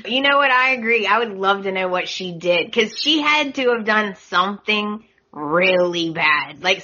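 A woman's voice: on the low side, sharp tone, dull audio. A woman hosting a podcast, recapping a soap opera in casual chat, laughing often and acting out quotes. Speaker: podcast host.

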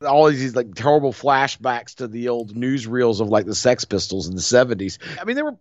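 A man talks movies in a lively, joking way, often dropping into quick mock voices. His voice sits mid-range. The recording is dry and a little dull. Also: mid-range voice, dry recording. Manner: animated, slips into mock voices and laughs. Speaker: podcast co-host. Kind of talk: casual chat. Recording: dry, slightly dull audio.

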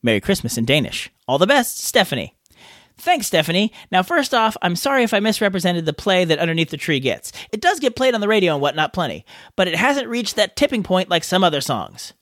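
A man's voice: high-pitched, sing-song, fairly quick, fairly bright tone, dry recording, studio quality. A man hosting a podcast, reading listener letters aloud in a playful, jokey way. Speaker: podcast host. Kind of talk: casual podcast chat reading listener mail.

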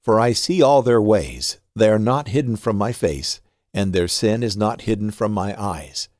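A man reading Bible passages aloud in a measured, steady way. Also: fairly low pitch, dry recording, studio quality. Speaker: scripture reader.

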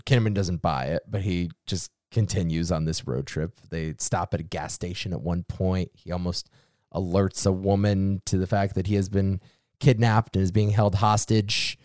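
A man with a lowish voice talks through a film's plot on a casual review podcast. He slips wry asides into the recap. The recording is close and dry. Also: steady tone, normal speed, a little mellow, no room sound. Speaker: podcast co-host. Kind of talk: casual movie review chat.

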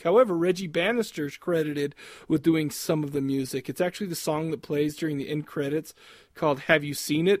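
A man chatting casually on a podcast, rambling and laughing at his own crude jokes. His voice sits a little high. The mic is close and the sound is dry. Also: darkish tone, no room sound. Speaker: podcast co-host. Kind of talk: casual chat.

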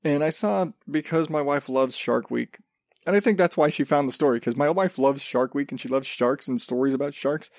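Male podcast host, slightly high voice, rambling and cursing, dry close-miked sound. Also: normal speed, dry recording. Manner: rambling, profane, self-interrupting. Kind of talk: casual solo podcast chat.

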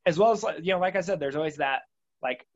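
The recording sounds dull, and the young adult man speaking has a slightly high voice and a quick pace. A triathlete guest in a reflective interview, he rambles thoughtfully about his motivation, leaning on lots of fillers.

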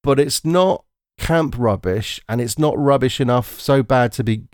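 A man's voice: medium pitch, a little slow, darkish tone, dry recording, clean studio sound. A man hosting a casual movie review podcast. He rambles, corrects himself and gives blunt opinions. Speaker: podcast host.

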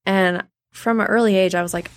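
A woman in her thirties, a theater artist, is a guest in a casual interview, telling stories briskly in a mid-range voice. She's animated and acts out the voices of the people she quotes. There's no echo on the recording.

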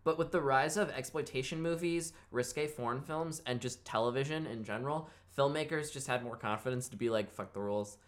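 A woman's voice: very deep voice, fairly quick, few pauses. A woman co-hosting a podcast, reading prepared history notes with loose, casual asides and swearing. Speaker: podcast co-host.

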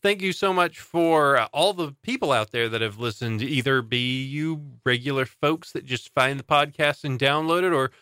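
A man's voice: mid-range voice, normal speed, few pauses, pushed and bright, clean tone, dry recording, studio quality. A man hosting a podcast in casual, playful chat, rambling a little with fillers. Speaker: podcast host.

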